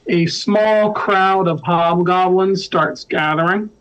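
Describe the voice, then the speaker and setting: A man narrates a tabletop horror game as its storyteller, taking his time over every line. His voice sits a little high, and the recording has a dull, lo-fi sound. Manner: unhurried, relaxed narration with fillers. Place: home, online game session. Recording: dull lo-fi online audio.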